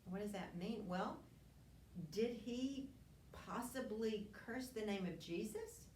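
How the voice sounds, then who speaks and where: Slow, earnest woman teaching in an echoey room. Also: mid-range voice, a little mellow, a little hiss or hum. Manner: earnest storytelling with frequent restarts and asides. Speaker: Bible class teacher. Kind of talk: Bible lesson, reading and explaining scripture. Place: church classroom. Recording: roomy, distant mic with faint ambience.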